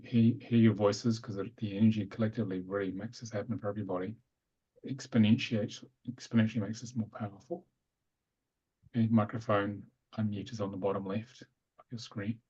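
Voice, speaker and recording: A man guiding a breathing meditation over a video call, calm and instructive with some restarts. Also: fairly low pitch, breathy edge. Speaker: meditation teacher. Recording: dull lo-fi webinar audio.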